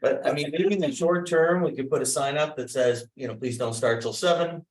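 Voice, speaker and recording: Speaking fairly quickly with a voice on the high side, a man on the village board discusses an issue at a public meeting and tells conversational anecdotes. The recording is from a roomy hall with faint background noise.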